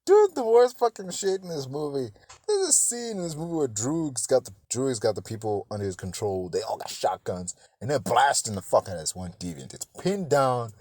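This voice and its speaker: A man's voice: mid-range voice, big pitch swings, moderate pace, mellow, dry recording, studio quality. A man hosting a podcast, giving a casual, rambling film review full of swearing and fillers. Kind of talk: casual movie review monologue.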